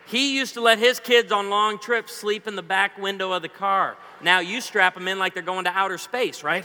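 A man's voice: sits high, moderate pace, few pauses, a faint crowd. A man preaching a humorous sermon in a church, joking and quizzing the audience. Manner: lively, jokey, quizzes the audience. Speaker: guest preacher. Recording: echoey hall.

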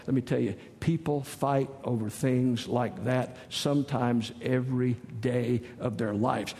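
A man's voice: mid-range voice, fairly even intonation, a little slow, few pauses, darkish tone, a little hiss or hum. A middle-aged man from the States, preaching a sermon in a folksy, joking, storytelling way. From Southern United States. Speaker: pastor. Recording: long reverb of a large hall.

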